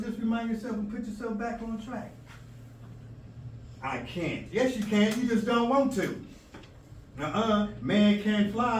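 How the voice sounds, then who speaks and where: Emphatic male teacher in an echoey room. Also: sits high. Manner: emphatic, plays out quoted exchanges, plays with rhymes. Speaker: language arts teacher. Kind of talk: motivational talk to students. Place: school presentation room. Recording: echoey room from far off, with noise.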